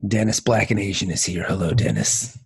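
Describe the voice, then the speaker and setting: Gravelly, animated male podcast host. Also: low voice, fairly quick. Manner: animated, jokey, breaks into singing. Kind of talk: casual chat.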